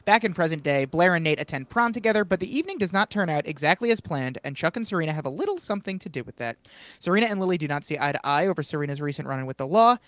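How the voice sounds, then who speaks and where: Man, podcast host, quick talker, slightly high voice, dry close sound. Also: no room sound. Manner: quick, giggly recapping. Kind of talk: casual chat.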